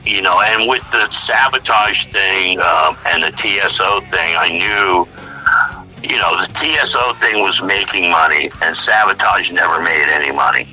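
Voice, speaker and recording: Sharp-voiced man telling stories animatedly. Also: sits low, moderate pace, faint music behind, poor audio. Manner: animated storyteller, acts out quotes, swears freely. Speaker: musician guest. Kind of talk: casual interview talk.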